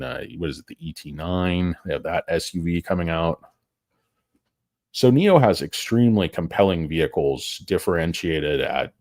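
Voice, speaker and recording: Low-voiced, tired man rambling about stocks. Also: darkish tone, no room sound, studio quality. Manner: profane, joking, wandering off topic. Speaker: stock market show host. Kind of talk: rambling casual market commentary.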